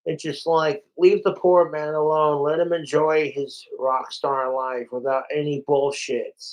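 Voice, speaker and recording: Slow-talking man ranting on a livestream. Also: fairly high pitch, rough recording. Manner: profane, animated, talks to viewers. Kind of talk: casual rambling monologue. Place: home, overnight livestream.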